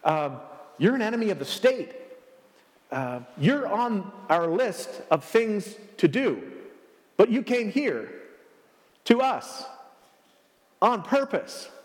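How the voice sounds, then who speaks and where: Incredulous Roman courtiers question an unexpected enemy, as a man acts them out. The voice is high, with a long reverb of a large hall. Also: very animated, takes it slowly, long pauses, exaggerated voice.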